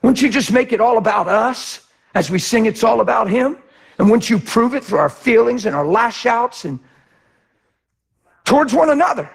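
A man preaching a sermon with passion, moving between shouted lines and quiet, reflective ones. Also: very high voice, animated, normal speed, gravelly, breathy edge. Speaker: pastor.

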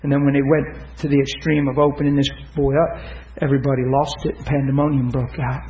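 A male preacher delivering an impassioned sermon, swinging from shouted peaks to hushed storytelling. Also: mid-range voice, level tone, brisk, highs cut off.

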